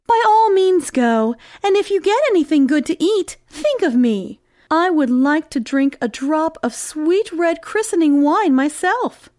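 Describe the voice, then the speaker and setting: A woman voicing a small, trusting and curious mouse in a read-aloud storybook, with high exclaiming lines. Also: animated, unhurried, a little mellow, no room sound, studio quality.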